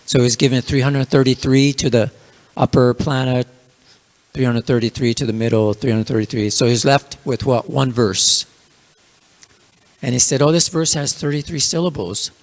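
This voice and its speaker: A man's voice: mid-range voice, steady tone, moderate pace, pauses often, a little mellow. A man teaching a scripture class in a casual storytelling manner, with many fillers. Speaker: religious class speaker.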